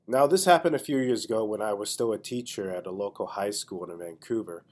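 Man, stuffy congested voice, lowish pitch, casual rambling storyteller, podcast host. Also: a little fast, darkish tone. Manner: chatty, loose, with frequent "you know" asides. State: congested from a cold. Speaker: podcast host and stand-up comedian.

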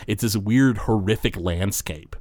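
A man's voice: on the low side, a little slow, a little mellow. A man narrating as the game master of a tabletop game, describing scenes loosely and full of fillers.

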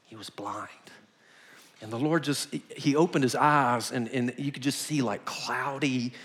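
A male pastor, preaching a sermon full of lively stories and acted-out quotes. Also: medium pitch, a little slow. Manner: animated, emphatic, acts out quotes in a whisper or shout. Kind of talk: storytelling sermon.

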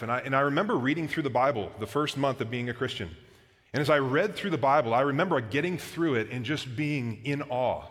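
Pastor, 30s, male, casual storytelling sermon, mid pitch, long hall reverb. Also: a bit bright. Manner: conversational, storytelling with filler words. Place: church auditorium.

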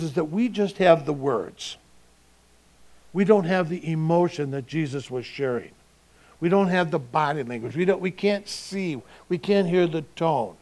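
A man preaches a sermon in an easy, talking-with-you manner. His voice sits a little high for a man, and he puts rhetorical questions to his congregation. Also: a little mellow. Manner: conversational, chuckling, with rhetorical questions. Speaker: pastor.

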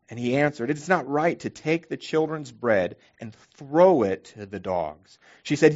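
A man delivers a sermon as pastor, his voice sitting at an ordinary middle pitch. He preaches earnestly and with emphasis, repeating words as he restarts his phrases. The recording sounds dull and lo-fi. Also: lively intonation, unhurried, few pauses.

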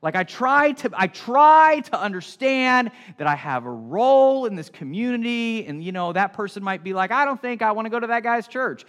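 A middle-aged man preaches from the pulpit in a lively, swooping voice that climbs high and drops low. His talk is animated and chatty, and he slips into quick acted-out asides to make a point. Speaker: pastor. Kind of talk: sermon.

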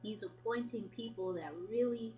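A young woman from the United States co-hosting a casual chat, excitable and teasing, often laughing. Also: fairly high pitch, moderate pace, slight background noise. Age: young adult.

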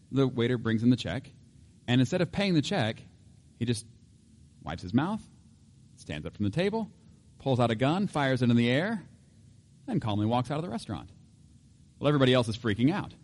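A middle-aged pastor preaching a sermon in an animated, joking way, acting out voices and laughing often. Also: male voice, mid-range voice.

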